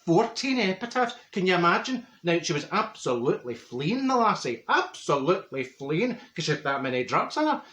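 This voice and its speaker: A man's voice: high voice, big pitch swings, fairly quick, few pauses, a bit bright, roomy sound. A man playing a chatty, straight-talking middle-aged Glasgow woman with a Glaswegian accent, rambling through gossip and mixing up big words in a comic monologue. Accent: Glaswegian Scottish. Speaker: comedy character monologue. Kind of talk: comic storytelling to camera.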